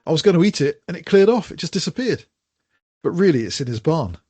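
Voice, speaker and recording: A man's voice: fairly high pitch, big pitch swings, fast talker, darkish tone, husky. An older man co-hosting a podcast, chatting casually and jokingly, with lots of restarts and laughs. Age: older adult. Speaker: podcast co-host.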